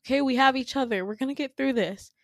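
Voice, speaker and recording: A steady young man speaking gently and firmly to calm a friend, as a woman puts him on, his voice lifted a little higher than her own. The sound is close and dry. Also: fast talker, no room sound. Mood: soothing. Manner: soothing, reassuring.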